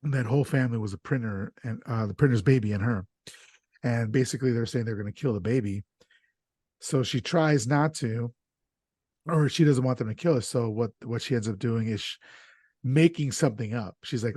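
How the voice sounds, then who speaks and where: A man hosting a podcast, retelling the plot of an old film in an animated, casual way with fillers. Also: medium pitch, moderate pace, no room sound, studio quality. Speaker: podcast host.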